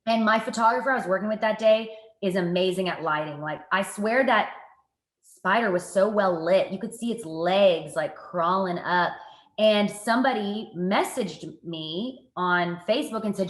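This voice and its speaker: Woman, animated storyteller, self-mocking, casual interview, roomy echo. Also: lowish voice, moderate pace. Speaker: guest, TV reporter and anchor.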